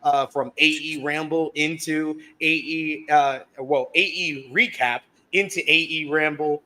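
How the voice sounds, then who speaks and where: A man's voice: fairly high pitch, steady tone, unhurried, sharp tone. A man hosting a casual live podcast, upbeat and chatty as he reads out the chat. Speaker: podcast host.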